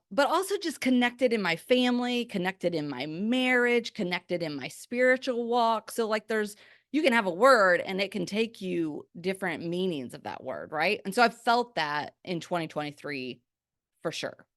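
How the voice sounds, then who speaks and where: An energetic woman gives a faith-based pep talk on her podcast. She talks in a chatty, lively way, full of "like" fillers. The recording is dry and close, with no room echo. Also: medium pitch, normal speed. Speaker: podcast host.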